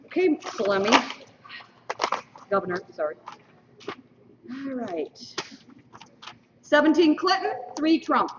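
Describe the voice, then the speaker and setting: Lively woman emceeing in a distant hall. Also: high voice, takes it slowly, pauses often, background noise. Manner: playful, teasing trivia asides. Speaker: emcee of a school mock election. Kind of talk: lively announcing to an audience. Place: school hall. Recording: dull lo-fi stream, roomy hall from afar.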